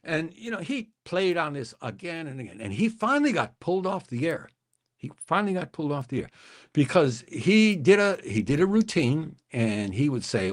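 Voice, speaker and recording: Lively, rambling older male storyteller. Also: on the high side, moderate pace. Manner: rambling, hesitant, self-interrupting. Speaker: livestream host. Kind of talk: casual storytelling livestream.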